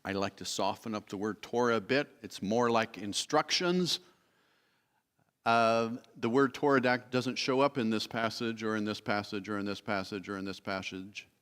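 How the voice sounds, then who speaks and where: A man's voice: fairly low pitch, steady tone, moderate pace, fairly bright tone, smooth. A man teaching a Bible study sermon in a church, explaining patiently, reading verses aloud and correcting himself as he goes. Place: church sanctuary. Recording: long hall reverb.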